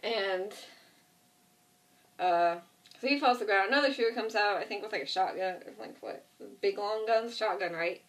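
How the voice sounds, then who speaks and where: A woman vlogger with a medium-pitched voice retells a TV episode casually at a moderate pace, rambling with lots of fillers and asides. She sounds distant from the mic.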